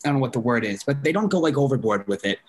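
A man's voice: mid-range voice, expressive, very fast. A man guesting on a fan podcast, talking loosely with lots of fillers and casual swearing. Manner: filler-heavy, swears casually, laughs often.

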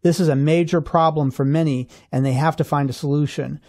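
A man co-hosting a radio finance show, explaining rules step by step in a steady, clear way. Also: fairly high pitch, brisk. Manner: steady explanatory, walks through examples step by step. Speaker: financial advisor co-host.

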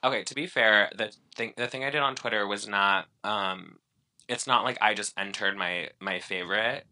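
Bright, sassy low-voiced man. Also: moderate pace. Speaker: podcast co-host. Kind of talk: casual chat.

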